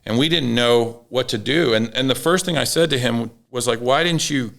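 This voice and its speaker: A man's voice: mid-range voice, moderate pace, gravelly, fairly bright tone. A man in casual conversation, telling an emotional story with many restarts. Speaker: podcast guest.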